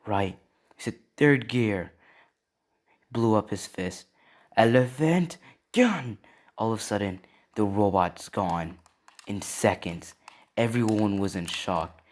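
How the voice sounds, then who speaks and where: A man's voice: fairly low pitch, fairly even intonation, unhurried, a little mellow. A man casually improvising a fan story, rambling along with lots of filler and checking in with the listener. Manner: rambling, many "and yeah" and "right?" fillers.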